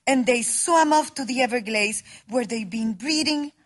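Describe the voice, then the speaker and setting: Woman doing a friendly matter-of-fact local, high voice. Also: normal speed, close to an everyday voice. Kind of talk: comedy drama acting.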